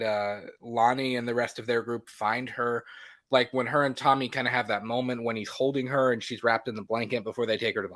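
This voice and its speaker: A man's voice: medium pitch, a bit bright, no room sound. A man co-hosting a casual movie podcast, rambling with plenty of fillers and restarts. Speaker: podcast co-host.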